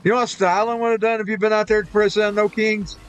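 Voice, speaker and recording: A man's voice: high voice, level tone, fast, fairly bright tone, clean tone. A man ranting indignantly while streaming a game, rambling and restarting his sentences. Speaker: live streamer.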